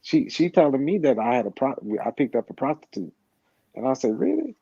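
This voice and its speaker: A man's voice: medium pitch, expressive, a little fast, warm tone, no room sound. A middle-aged man telling a long story in casual, rambling talk, profane and full of repeated words and restarts. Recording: slightly dull, lo-fi sound.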